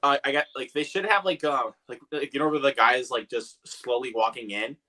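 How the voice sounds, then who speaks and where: Bright-voiced young man, halting casual talk. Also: medium pitch. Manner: hesitant, many fillers, says bro and dude. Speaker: movie review co-host. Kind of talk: casual live-stream chat.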